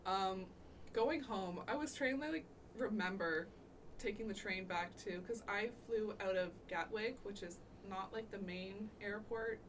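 A woman's voice: mid-range voice, measured pace, a little hiss or hum. A young woman from Canada, co-hosting a casual podcast chat, chatty and full of "like". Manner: chatty, heavy use of "like", laughs often. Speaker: podcast co-host.

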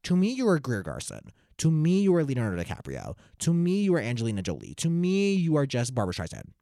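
A young man telling a comic story in a camp, dramatic way, with slow, deliberate delivery. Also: medium pitch, huge pitch swings, mellow, no echo, studio quality. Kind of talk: comic monologue.

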